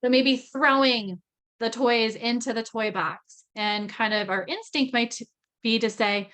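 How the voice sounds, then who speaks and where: A woman in her thirties giving a parenting training talk, chatty, with frequent "right?" checks, acting out parent and child lines in a lively voice. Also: a little high, normal speed. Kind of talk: recorded training lecture.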